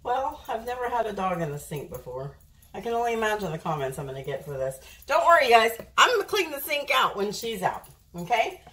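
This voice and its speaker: A woman's voice: on the high side, big pitch swings, a little fast, a bit bright. A woman filming a casual cooking vlog in her home kitchen, chatting to viewers and doting on her dog. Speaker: dog owner vlogger.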